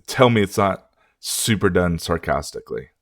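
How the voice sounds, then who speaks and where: A man's voice: low-pitched, animated, moderate pace. A man hosting a music reaction video, ranting in a casual, profane way.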